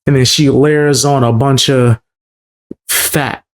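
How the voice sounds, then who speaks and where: A man's voice: mid-range voice, fairly even intonation, takes it slowly. A man hosting a casual reaction commentary, blunt and incredulous about what he hears. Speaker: commentary host.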